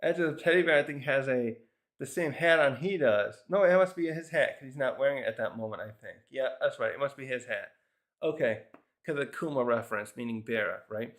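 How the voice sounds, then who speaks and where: A man's voice: mid-range voice, brisk, fairly bright tone. A man casually reviewing a comic chapter, rambling through the scenes with lots of fillers and little chuckles. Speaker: manga reviewer.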